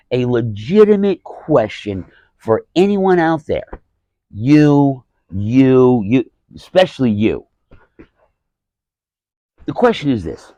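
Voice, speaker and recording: A male stand-up comic talks casually on his podcast, looping back on himself and cursing as he acts out what people said. His voice sits at an ordinary middle pitch. The sound is dry and close, with no room echo. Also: a little mellow, dull audio. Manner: rambling, profane, lots of restarts and acted-out quotes. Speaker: stand-up comedian, podcast host. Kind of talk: casual storytelling monologue.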